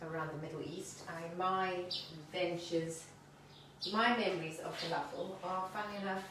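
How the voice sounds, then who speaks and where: A woman's voice: lowish voice, steady tone, moderate pace, far from the mic, noisy background. A woman from Africa, speaking, hosts a home cooking video. She talks in a chatty, rambling way and laughs easily. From South Africa. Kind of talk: casual cooking demonstration and chat. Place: home kitchen. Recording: echoey room, voice away from the mic.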